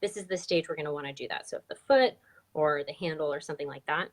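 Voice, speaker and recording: A woman's voice: low voice, fast talker. Chatty woman teaching a drawing lesson. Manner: chatty, upbeat, explains step by step. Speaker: drawing instructor. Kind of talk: live online drawing lesson.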